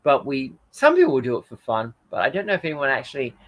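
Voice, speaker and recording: A man's voice: mid-range voice, huge pitch swings, fast, a bit bright. Rambling, tired man hosting a live chat. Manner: rambling, hesitant, with frequent fillers and self-corrections. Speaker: livestream host reading viewer comments. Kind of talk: casual chat.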